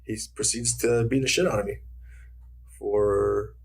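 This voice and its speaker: A man's voice: fairly low pitch, unhurried, husky. A man, a retired fighter, telling stories in a casual interview, acting out quotes and swearing freely. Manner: animated storyteller, acts out quotes, swears freely.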